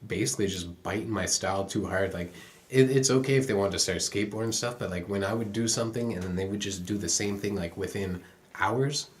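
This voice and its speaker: A man's voice: fairly low pitch, fairly quick, slight background noise. A young Canadian man co-hosting a podcast, telling stories in a rambling, profane way full of fillers. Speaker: podcast co-host. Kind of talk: casual chat.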